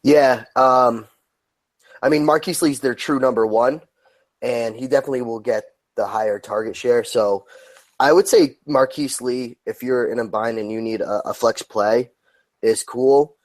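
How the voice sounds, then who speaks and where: A man co-hosting a sports podcast in a relaxed way, often giving short replies. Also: mid-range voice, unhurried. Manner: laid-back, brief replies. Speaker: podcast co-host. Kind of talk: casual podcast chat.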